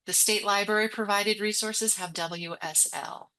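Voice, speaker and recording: Woman, librarian, webinar explainer, plain and practical, mid-range pitch. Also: fairly even intonation, a little slow, pushed and bright, poor audio. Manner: plain, explanatory, with small restarts. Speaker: librarian presenter.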